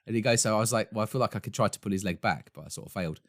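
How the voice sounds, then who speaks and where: A man's voice: on the low side, racing, dry recording, clean studio sound. A man from Essex, co-hosting a podcast in casual chat, telling stories with enthusiasm and frequent laughs. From Essex, England. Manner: enthusiastic storyteller, laughs often. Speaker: podcast co-host.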